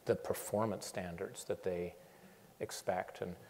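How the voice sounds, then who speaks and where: A man speaks in a fairly low voice, and the sound has the long echo of a lecture hall. He talks in an animated way, stopping and restarting often and repeating words as he tells his story. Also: measured pace, creaky, a little hiss or hum. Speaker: guest speaker.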